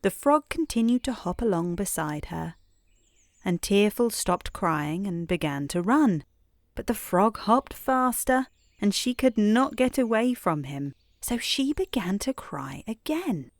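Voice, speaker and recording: Female storyteller reading a sleep story, slow and soothing, pitch moving gently, close dry sound. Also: sing-song, no room sound. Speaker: host and storyteller.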